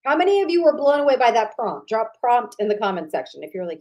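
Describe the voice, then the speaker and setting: A chatty woman runs a live online workshop on a computer mic. Her pitch swings widely as she talks straight to her viewers. She drops to low mutters under her breath whenever her slides act up. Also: sing-song, fast talker, a little mellow. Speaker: online marketing coach hosting a live workshop. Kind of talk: live-streamed workshop talk.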